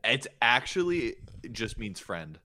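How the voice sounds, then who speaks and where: A young man co-hosting a podcast, tossing in quick deadpan quips during casual chat. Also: mid-range voice. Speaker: podcast co-host.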